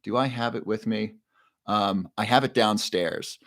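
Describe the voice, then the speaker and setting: 잔향 없이 건조하게 녹음된 남성 라이브 방송 진행자, 채팅창의 이름과 질문을 읽으며 편하게 이야기함. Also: male voice, on the low side, unhurried, fairly bright tone, dry recording, studio quality. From Ohio. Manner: reads viewer names and questions from chat aloud. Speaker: livestream host. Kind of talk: casual live-stream chat.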